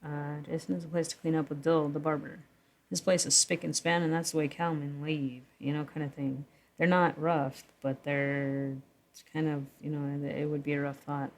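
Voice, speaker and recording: Woman vlogger with a deep voice, walking through her own story draft, rambling and self-correcting. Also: flat delivery, normal speed. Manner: rambling, self-correcting, chuckles between thoughts. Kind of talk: casual vlog commentary reading from her draft.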